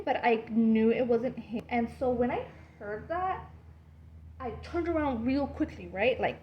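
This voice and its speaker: A young woman vlogger recounts a spooky night in a loose, rambling way, leaning on fillers and cursing freely. Her voice sits a little high. A faint hiss of noise runs under the recording. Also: low-quality recording. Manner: animated, rambling, lots of "like" fillers, swears freely. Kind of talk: casual storytelling to camera.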